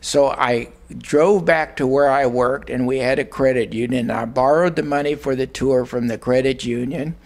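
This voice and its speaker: An older man from Arizona, telling a personal story in a plain, unhurried way with frequent pauses. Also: medium pitch. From Arizona, USA. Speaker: guest recounting a personal experience. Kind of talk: storytelling monologue.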